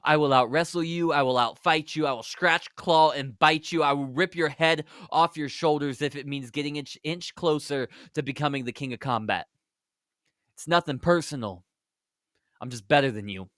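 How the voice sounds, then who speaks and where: A man's voice: on the high side, normal speed, fairly bright tone, dry recording, studio quality, close to an everyday voice. A man voicing an intense male wrestler with an earnest, menacing delivery.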